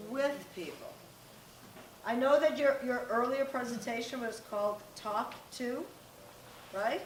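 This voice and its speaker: A woman's voice: on the high side, animated, measured pace, far from the mic. A middle-aged woman giving a live talk to parents and teens, speaking directly and conversationally and acting out bits of dialogue. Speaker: parenting workshop presenter. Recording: echoey room, faint background noise.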